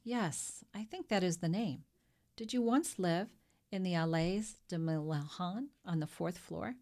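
A woman reading an audiobook and voicing a calm, probing male priest with a heavy Italian accent. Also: lowish voice, unhurried.

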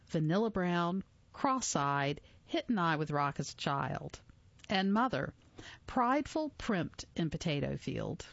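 A woman in her forties narrating a memoir audiobook in a measured, reflective way. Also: on the low side, dry recording, dull audio.

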